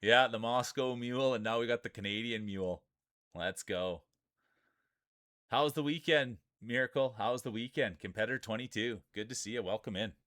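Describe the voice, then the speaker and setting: A man's voice: mid-range voice, moderate pace, fairly bright tone, dry recording. A man hosting a live stream, giving hyped, announcer-style play-by-play of marble races and greeting chat by name. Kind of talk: mock sports play-by-play commentary.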